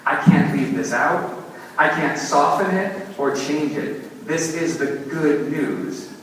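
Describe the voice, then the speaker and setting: A young man, a pastor, preaching a sermon with lively, self-mocking storytelling. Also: on the high side, slow pace, recorded from a distance. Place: church sanctuary. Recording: echoey church hall, mic from afar.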